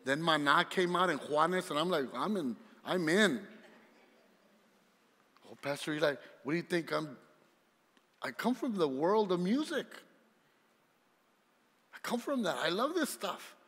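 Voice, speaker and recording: A male pastor preaching a sermon in a lively, conversational way, talking straight to the congregation. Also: on the high side, moderate pace, pauses often, big-room sound.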